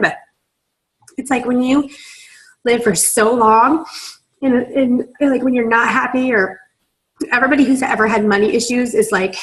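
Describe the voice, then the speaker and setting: Heard through a rough recording, a young woman with a higher-pitched voice gushes on a video call. As a sales team leader, she speaks emotionally, leans on fillers, and sounds on the verge of tears.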